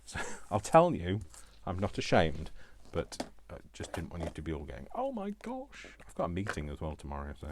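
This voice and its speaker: A man's voice: very deep voice, moderate pace, noisy background. A middle-aged man hosting a casual crafting tutorial, rambling and mocking himself with chuckles.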